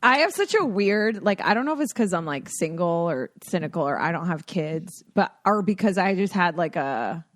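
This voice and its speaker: A woman co-hosting a podcast in casual chat, animated and mimicking others in exaggerated tones. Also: fairly low pitch, normal speed, hardly any pauses, no room sound. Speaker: podcast co-host.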